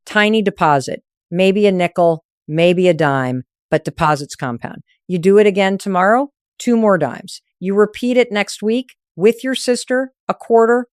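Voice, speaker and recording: A woman's voice: medium pitch, moderate pace, few pauses, clear, resonant tone, no room sound, clean studio sound. A woman narrating a scripted motivational talk, coaching firmly in short, punchy phrases.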